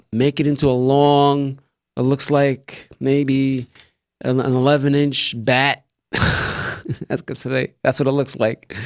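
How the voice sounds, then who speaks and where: A man's voice: medium pitch, dry recording, studio quality. A man hosting a casual live-stream show from his desk, rambling and joking as he explains a recipe. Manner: rambling, jokey, talks with mouth full. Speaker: show host. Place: small room at a desk.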